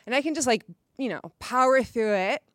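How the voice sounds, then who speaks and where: A woman's voice: fairly high pitch, fairly quick, a bit bright. A frank, candid woman leads a live workshop, her voice carrying a slight nervous tremble. She talks to the group in a loose, conversational way, checking in often and laughing easily. The sound is dry and close, with little room echo. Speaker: workshop leader.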